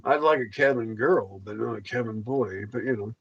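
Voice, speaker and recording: A man's voice: mid-range voice, normal speed, creaky, breathy edge, highs cut off. A man with a Southern US accent hosting a livestream, joking and teasing his co-host in casual chat.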